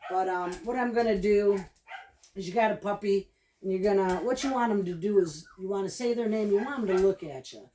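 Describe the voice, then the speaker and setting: A woman's voice: medium pitch, brisk, warm tone, a little hiss or hum. Chatty woman dog trainer, echoey room. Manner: chatty, loose and repeats cues with praise. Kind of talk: casual training demonstration. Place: indoors at home with her dog. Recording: echoey room, mic at a distance.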